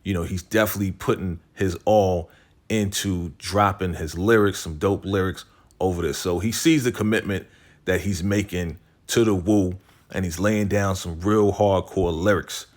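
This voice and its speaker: This TV recap host keeps a steady tone at a moderate pace as he casually walks through an episode. His talk is slangy, full of "right?" and "you know," and he drops his voice to act out what the characters say while retelling scenes.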